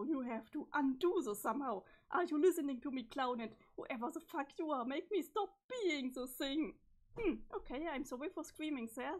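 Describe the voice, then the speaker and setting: Streamer voicing a prim, polite young woman, high, proper. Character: young woman, panicked then politely composed.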